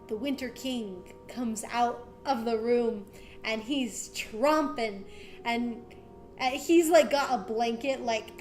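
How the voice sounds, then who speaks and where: A woman narrating a tabletop game as game master, relaxed and full of fillers. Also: fairly high pitch.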